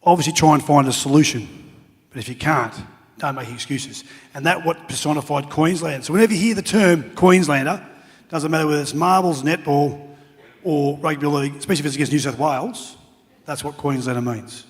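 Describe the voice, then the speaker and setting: Fairly high-pitched and fairly quick, a middle-aged Australian man amuses an awards-night audience in a large hall as guest speaker. His after-dinner stories are jokey anecdotes, with shouts he acts out for effect.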